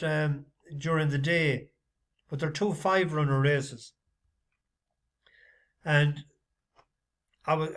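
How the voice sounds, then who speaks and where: A man chatting casually in a vlog as a horse racing tipster, rambling with lots of halting fillers. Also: a little high, a bit bright.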